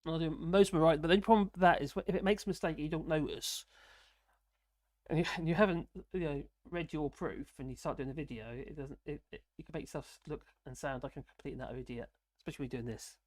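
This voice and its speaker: A man's voice: on the high side, fairly even intonation, fast, darkish tone, no echo, studio quality. A man chatting casually on a live stream, rambling with lots of fillers and restarts, tired and slurring a little. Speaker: political commentary streamer.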